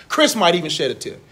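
A man in his thirties giving a casual, animated sermon talk, laughing often as he speaks. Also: a little high. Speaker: preacher.

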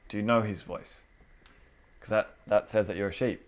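A man's voice: on the low side, steady tone, moderate pace. A man preaching to a small indoor group in a casual, conversational way, acting out the inner voices of his listeners. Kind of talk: casual informal sermon.

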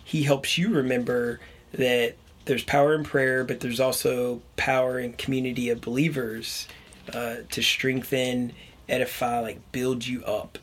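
A man talking through a Bible chapter in casual group conversation, animated and enthusiastic. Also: medium pitch, slight background noise. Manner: animated, energetic, quick bursts of enthusiasm. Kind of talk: casual Bible study chat.

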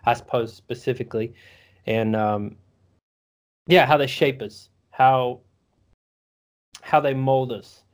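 A man hosts a loose podcast conversation, cursing often and laughing easily. His voice sits in a middle pitch and he rambles from story to story. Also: takes it slowly, long pauses. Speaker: podcast host. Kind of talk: casual podcast chat.

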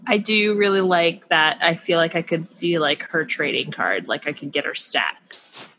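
A woman's voice: deep voice, normal speed, pushed and bright, a little hiss or hum, low-quality recording. A woman co-hosting a casual book chat, gushing and rambling with lots of fillers. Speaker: podcast co-host.

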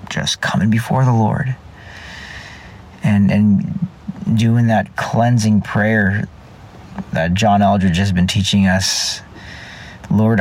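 A man's voice: fairly low pitch, darkish tone. A man speaking earnestly in a personal faith reflection, often repeating and restarting his phrases. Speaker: vlogger.

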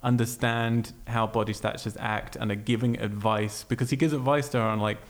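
Gravelly-voiced man recapping a movie. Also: mid-range voice, fairly even intonation, brisk. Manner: laid-back, recapping scenes with wry asides. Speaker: podcast co-host. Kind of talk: casual movie discussion.

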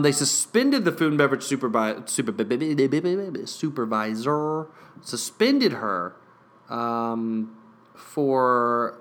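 A man's voice: medium pitch, a bit bright. A young man casually telling a profane, rambling workplace story to his viewers. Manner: profane, rambling, acts out quotes. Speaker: hotel worker telling a story.

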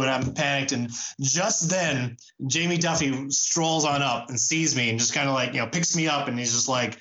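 A man's voice: mid-range voice, sharp tone, highs cut off, a little hiss or hum. Man telling a rambling tour story. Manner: halting, many fillers and restarts. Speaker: musician sharing a memory. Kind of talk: casual spoken anecdote.

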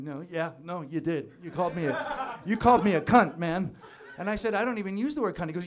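Rowdy man with a fairly high voice. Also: animated, fast talker, crowd noise. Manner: rowdy, joking anecdote teller. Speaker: podcast co-host. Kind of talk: live comedy podcast banter.

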